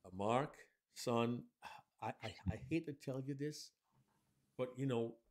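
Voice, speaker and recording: A man playing a father who struggles to tell his son bad news, in a lowered, soft, halting voice. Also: lightly acted. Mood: sorrowful. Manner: hesitant, halting, struggling emotionally.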